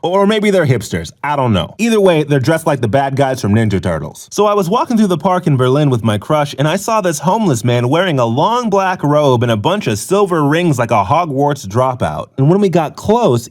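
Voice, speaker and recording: Lively sarcastic male comedian. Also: on the high side, moderate pace, few pauses. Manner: sarcastic, punchy jokes. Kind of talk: comedic story monologue.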